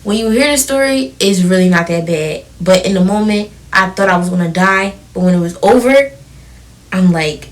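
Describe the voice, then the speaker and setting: A woman's voice: mid-range voice, moderate pace, far from the mic. A seventeen-year-old girl co-hosting a podcast, chatting casually and telling stories with laughter. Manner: laughing, animated storytelling. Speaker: podcast co-host. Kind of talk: casual chat.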